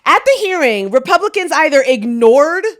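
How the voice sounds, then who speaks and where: A woman's voice: high voice, moderate pace. A woman co-hosting a podcast, chatting casually with exasperated, laughing commentary. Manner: exasperated, laughs easily, lively. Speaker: podcast co-host. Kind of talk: casual legal commentary chat.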